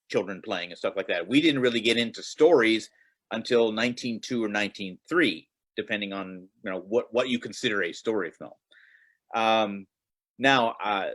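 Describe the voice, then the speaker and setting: This guest presenter on film preservation, a man with a mid-range voice, talks over a video call using his computer's microphone. The session is informal, and he tells stories conversationally, often restarting sentences and leaning on fillers.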